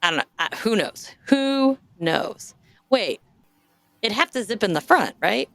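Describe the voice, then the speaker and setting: A woman's voice: medium pitch, big pitch swings, moderate pace, creaky, a bit bright, no room sound. A woman hosting a podcast in casual chat, reading listener stories aloud, jokey and self-deprecating, often trailing off and restarting. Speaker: podcast host.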